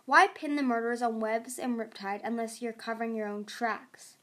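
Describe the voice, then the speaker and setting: A woman's voice: a little high, fairly even intonation, moderate pace, fairly bright tone, lightly acted. A woman voicing a fierce young female sea dragon princess, urgent and defiant.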